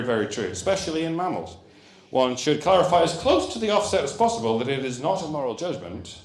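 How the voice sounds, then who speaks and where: Animated man giving a comic lecture. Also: medium pitch. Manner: animated, jokey, rambling asides. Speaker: comedian giving a conference talk. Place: conference hall. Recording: roomy hall echo.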